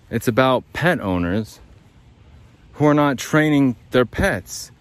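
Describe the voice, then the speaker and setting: A man's voice: mid-range voice, expressive, slow pace. A man hosting a casual podcast, rambling and swearing as he rants and tells a story. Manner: profane, rambling, worked-up ranting. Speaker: podcast host. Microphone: studio monitors and headphones.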